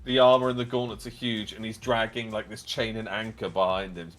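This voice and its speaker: A man's voice: fairly low pitch, level tone, brisk, fairly bright tone, soft background music. A man narrating a tabletop game as game master, describing scenes at length with many fillers and "like"s.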